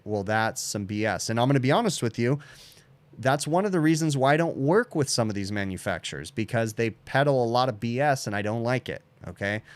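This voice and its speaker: A man's voice: medium pitch, smooth, no room sound. Blunt man hosting a livestream Q&A. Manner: blunt, opinionated, says "okay?" often. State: sleepy, yawning. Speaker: HVACR channel host answering chat questions. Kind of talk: casual livestream Q&A.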